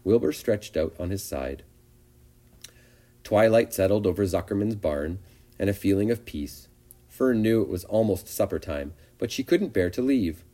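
A man narrates a children's storybook with gentle expression and a lively, sing-song lilt. His voice sits fairly low and sounds warm and mellow. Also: moderate pace. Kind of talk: storybook read-aloud.

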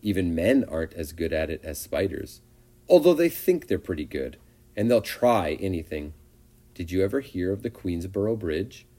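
A man voicing a calm wise lady spider. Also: low voice, full character voice. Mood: calm advising. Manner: measured, gently lecturing. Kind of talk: storybook reading.

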